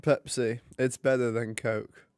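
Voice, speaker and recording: Brief: young male streamer, joking banter, middle pitch, dry unroomy mic. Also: little pitch movement, unhurried, darkish tone, clean tone, no echo. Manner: chatty, joking. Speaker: streamer hosting a hockey watch party. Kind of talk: casual live commentary and chat.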